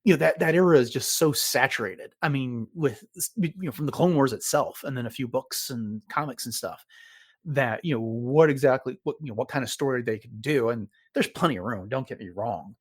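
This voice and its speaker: A man co-hosting a podcast in relaxed, easygoing talk, with a middle-pitched voice. His delivery is keen and chatty and full of little "uh"s. The sound is close and dry, with no room around it. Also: brisk, slightly rough, no echo. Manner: enthusiastic fan, relaxed with fillers. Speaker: podcast co-host. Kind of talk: casual chat.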